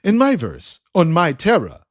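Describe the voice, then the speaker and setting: A man voicing a suave, condescending blue alien gentleman thief who speaks theatrically. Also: fairly high pitch, wildly swooping pitch, measured pace, no echo, clean studio sound, voice pushed up, exaggerated voice. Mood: haughty. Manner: theatrical, condescending, says "my dear".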